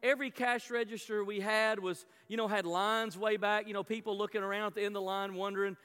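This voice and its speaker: A man's voice: high voice, level tone, fast, bright, forceful tone, clear, resonant tone. A middle-aged man preaching a sermon in a church, telling a story and asking the congregation questions, often repeating his words. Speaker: pastor. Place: church hall. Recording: long hall reverb.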